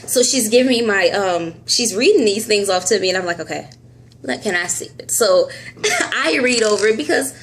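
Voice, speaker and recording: Holding her phone close at home, a woman films a casual vlog about her health, telling a story with animation, voicing the dialogue and laughing frequently. She speaks in a creaky, mid-range voice, with slight background noise in the recording.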